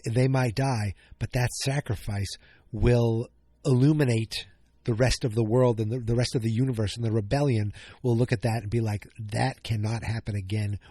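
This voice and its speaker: A man hosts a casual solo podcast recap, rambling and correcting himself as he thinks aloud. He sounds a little tired, and his voice sits at a middle pitch. The recording is close and dry, with no room sound. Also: dark tone, husky, dry recording. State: yawning, tired. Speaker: podcast host.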